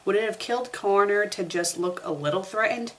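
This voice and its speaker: A woman's voice: mid-range voice, a little fast, fairly bright tone. A young woman reading a story aloud for a comedic review, breaking off for sarcastic asides. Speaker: fanfiction reviewer.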